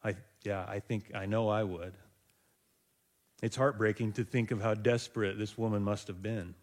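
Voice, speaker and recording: A man's voice: fairly low pitch, steady tone, normal speed, a little mellow. A male pastor preaching a conversational sermon, thinking aloud with rhetorical asides to his listeners.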